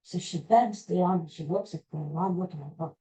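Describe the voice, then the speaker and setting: A man slowly retelling a personal story in a rambling, halting way, with frequent restarts. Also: high-pitched, dark tone, poor audio.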